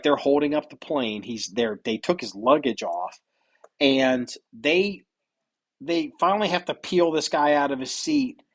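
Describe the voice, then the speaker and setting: Brief: male podcast host, slightly high voice, rambling and profane, casual chat. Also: slightly rough.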